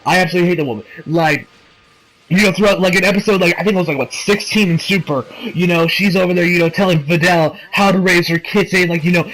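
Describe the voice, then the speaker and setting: A man with a notably high-pitched voice talks through an anime episode in a loose, rambling review. He swears freely and leans on constant fillers like "you know" and "like". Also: steady tone, fast, a bit bright, poor audio. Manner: rambling, profane, many fillers.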